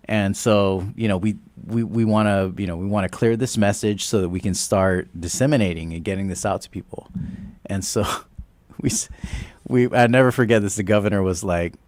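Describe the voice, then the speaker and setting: Low-voiced man telling a lively story. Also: moderate pace, dry recording. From Guam. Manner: animated, acts out quoted exchanges, laughs often. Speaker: radio show host. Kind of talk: casual storytelling talk. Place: radio studio. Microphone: studio microphone.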